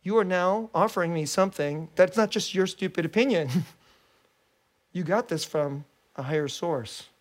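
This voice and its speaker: Animated conversational pastor preaching. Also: medium pitch, normal speed. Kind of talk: sermon with storytelling.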